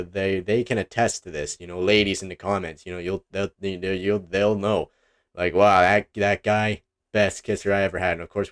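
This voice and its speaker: A man's voice: deep voice, clean tone. A man giving goofy, self-mocking commentary as he draws, rambling and restarting often, at a desk mic with headphones. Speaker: online video creator. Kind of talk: joking commentary while drawing. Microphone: desk mic with headphones, face cam.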